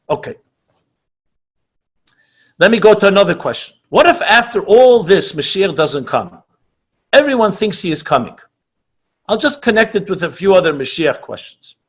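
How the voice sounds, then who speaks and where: Man, rabbi, high husky voice, passionate and emphatic, online class for teens. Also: a bit bright. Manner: passionate, emphatic, repeats himself; sprinkles Hebrew and Yiddish terms.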